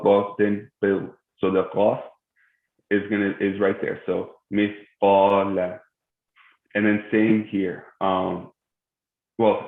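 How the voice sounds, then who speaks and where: A man teaching a tajweed class online, patiently walking students through pronunciations with frequent pauses. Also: deep voice, creaky. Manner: patient, many "um" pauses, spells out pronunciations slowly. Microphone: video call. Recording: tinny phone-like call audio in an echoey room.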